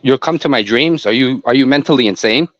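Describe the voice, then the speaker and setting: A male caller argues in a hostile, insulting way. His line sounds dull and dry, with no room around it. His pitch is in the middle for a man. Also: quick pace, no echo.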